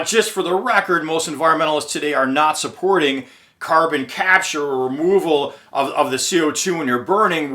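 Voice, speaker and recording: Guy doing an earnest explainer, voice jumps around a lot, kinda high. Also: bright, forceful tone. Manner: earnest, emphatic, stretches key phrases. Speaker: channel host. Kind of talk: explainer commentary.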